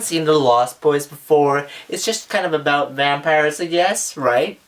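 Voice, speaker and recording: A teenage boy casually reviewing a movie in a vlog, rambling and hedging a lot as he jokes around. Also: a little slow. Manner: rambling, jokey, hedging with "kind of" and "I guess"; acts out characters in excited high squeals.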